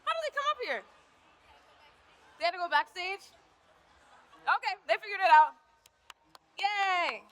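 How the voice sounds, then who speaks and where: A woman's voice: extremely high pitch, very animated, a little slow, long pauses, sharp tone, a faint crowd. A young woman teaching posing on a stage before a live audience, upbeat and encouraging as she cheers on volunteers through a handheld mic. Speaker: posing coach.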